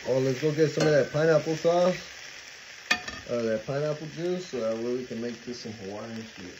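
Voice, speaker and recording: A man telling a story while he cooks at home, in a casual, animated and profane way, dropping Spanish phrases into his talk. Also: mid-range voice, moderate pace, lo-fi sound, background noise. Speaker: cooking vlogger. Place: home kitchen. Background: frying and sizzling food.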